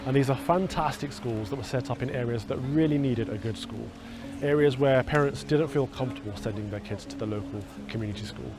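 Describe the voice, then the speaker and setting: A man's voice: medium pitch, fairly quick. A man presenting a documentary in a scripted, earnest and persuasive way. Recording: music bed beneath the voice.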